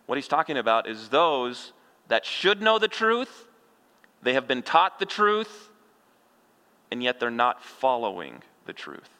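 A middle-aged male pastor preaches with a bright, forceful voice, mixing folksy humor and rhetorical questions into his sermon. His voice carries through a sanctuary with a long reverberating tail. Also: mid-range voice, big pitch swings, measured pace. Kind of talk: expository sermon.

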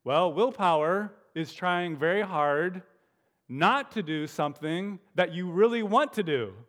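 A man's voice: high-pitched, a little slow, a bit bright, pitched above the performer's own voice. A man voicing a sensible, patient male frog in a storybook read aloud. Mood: reasoning. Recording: long hall reverb.

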